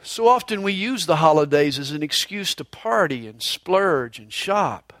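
Man preaching, high voice, slow and deliberate, dry close mic. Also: no echo. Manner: animated, emphatic preaching. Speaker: pastor. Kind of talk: sermon with humorous anecdote.

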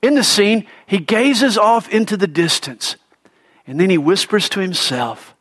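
A male pastor delivering a sermon in an emphatic, dramatic preaching manner, swinging between loud declarations and hushed drops. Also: high-pitched, animated, moderate pace, slightly rough.

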